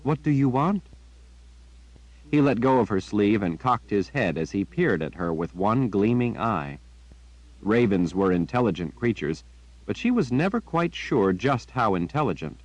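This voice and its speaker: Deep-voiced male audiobook narrator. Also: big pitch swings, no room sound, muffled recording. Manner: measured, unhurried storytelling. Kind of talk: scripted narration.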